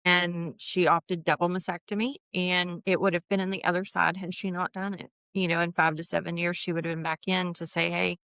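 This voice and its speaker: A woman in her fifties with a twang and a low-set voice, talking candidly as an interview guest. She is earnest and often restarts her sentences, breaking into lively, emphatic bursts. The sound is close and dry. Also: gravelly, no echo. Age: 50s.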